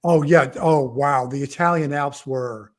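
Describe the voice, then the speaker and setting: A man's voice: medium pitch, measured pace, noisy background. Rambling middle-aged man telling stories. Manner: rambling, self-interrupting storyteller. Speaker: author guest. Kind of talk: casual livestream chat.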